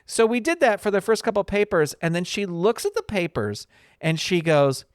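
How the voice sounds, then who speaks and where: A man's voice: high voice, lively intonation, moderate pace, clear, resonant tone, no room sound, studio quality. A man hosting his own podcast in a casual, rambling solo chat full of ums and uhs. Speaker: podcast host.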